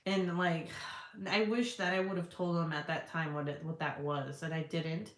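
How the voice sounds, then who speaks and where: A woman's voice: deep voice, steady tone, normal speed, a bit bright. A woman in her thirties hosting a casual live stream from a room at home, chatting bluntly, swearing freely and laughing as she reads viewer comments. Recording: echoey room.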